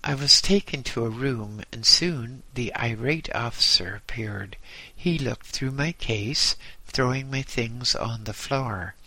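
Slow, bright-voiced male storyteller. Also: medium pitch, no echo, low-quality recording. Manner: slow and measured. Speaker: narrator. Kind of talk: first-person story reading.

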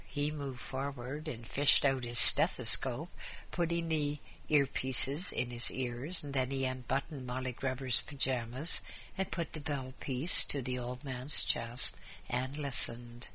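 A man reading a story aloud in a measured, dramatic way. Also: mid-range voice, steady tone, sharp tone, breathy edge.

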